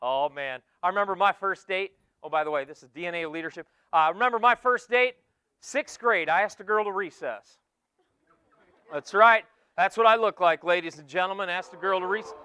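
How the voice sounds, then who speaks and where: A man in his forties giving an energetic motivational keynote talk to students, joking and teasing the crowd, swinging from loud bursts to hushed asides. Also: high voice, brisk, clear, resonant tone, no echo. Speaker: keynote speaker. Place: conference hall with a student audience.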